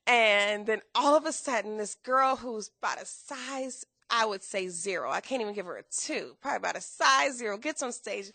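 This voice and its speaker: A woman guest telling her story in a podcast interview, acting out quotes with big jumps in pitch and bursts of laughter. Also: gravelly, sharp tone, no room sound.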